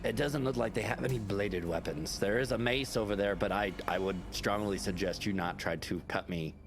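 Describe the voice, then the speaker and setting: A man playing a tabletop game, improvising in character, exasperated and trying to keep someone calm. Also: lowish voice, normal speed. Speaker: player.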